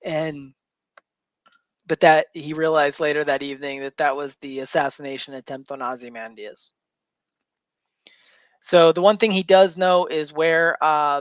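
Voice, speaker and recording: A man hosting a comic book show casually retells a story in a rambling way, packed with fillers and restarts. His voice leans high, and the recording is dry and dull.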